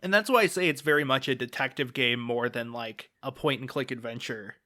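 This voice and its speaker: A man's voice: mid-range voice, brisk, pushed and bright. A man co-hosting a podcast, chatting casually and enthusiastically, hedging often. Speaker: podcast co-host. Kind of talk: casual chat.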